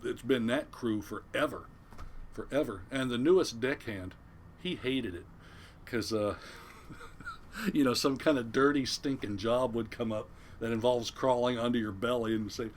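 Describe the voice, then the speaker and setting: A man's voice: medium pitch, measured pace, slight background noise. An older man, a retired commercial fisherman, telling a sea story as a podcast guest, acting out the voices of the people in it. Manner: animated yarn-spinning, acts out quoted voices. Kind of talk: casual storytelling.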